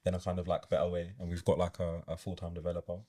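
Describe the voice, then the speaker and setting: A young man from England, a podcast guest chatting casually and quickly, full of fillers. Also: low-pitched. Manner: quick and animated, heavy use of "like". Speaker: guest, business owner.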